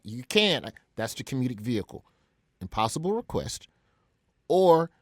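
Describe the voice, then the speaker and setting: A man's voice: fairly low pitch, no echo, clean studio sound. A male comedian from Alabama telling a story vividly as a guest in an interview.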